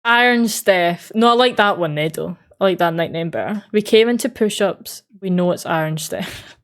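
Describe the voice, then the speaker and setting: A woman's voice: fairly low pitch, moderate pace. An Australian woman streamer in casual chat, reading out and answering live chat messages in an easygoing way with frequent laughs.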